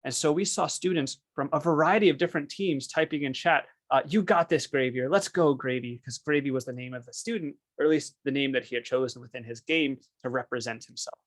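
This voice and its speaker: A man's voice: medium pitch, fast, hardly any pauses. A man giving a webinar presentation over a video call, telling stories with enthusiasm. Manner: enthusiastic, storytelling. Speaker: esports program presenter.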